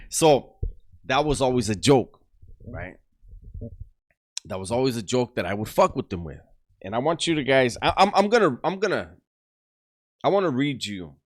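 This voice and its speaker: A man telling a story to his channel in casual talk, laughing often and using streetwise slang. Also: medium pitch. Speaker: YouTuber.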